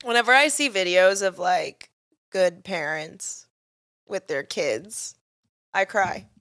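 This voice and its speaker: A woman's voice: on the low side, expressive, slow, a bit bright. A woman co-hosting a podcast, chatting casually with a crude, laughing manner. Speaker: podcast co-host. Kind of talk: casual chat.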